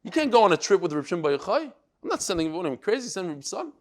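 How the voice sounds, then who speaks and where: A man's voice: high-pitched, big pitch swings, racing, voice pushed up. A man doing an alarmed old sage father. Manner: pleading, exasperated, rising emphasis. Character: anxious elderly father sage, protective and alarmed.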